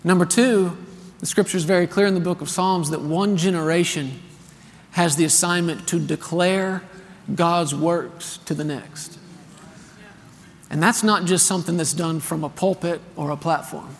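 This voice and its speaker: In a big church hall, a pastor in his thirties speaks in a slightly high voice at a moderate pace, the sound carrying that large-room quality. His sermon is an animated, earnest story, and he keeps prompting the congregation to respond.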